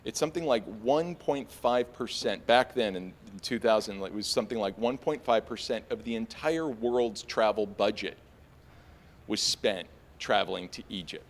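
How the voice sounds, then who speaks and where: Man telling a story on stage. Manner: animated, conversational, leans on "like", jumps to high pitch for panicked quotes. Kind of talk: live storytelling. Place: live stage.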